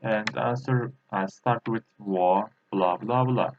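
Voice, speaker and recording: Slow-talking man teaching, tinny audio. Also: fairly low pitch, slight background noise. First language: Turkish. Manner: halting, repeats words and tones slowly, frequent uh fillers. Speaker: language teacher. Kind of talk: slow spoken language lesson.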